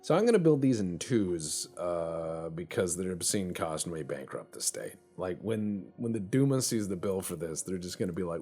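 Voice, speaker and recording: A man's voice: deep voice, sing-song, normal speed, few pauses, dark tone, faint music behind. A man hosting a let's play, rambling in casual, profane, joking gameplay commentary.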